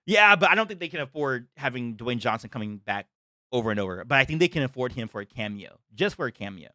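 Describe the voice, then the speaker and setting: A young man streaming a live reaction to a trailer. He is excitable, makes lots of exclamations and laughs often. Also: mid-range voice, fast talker, no echo, studio quality.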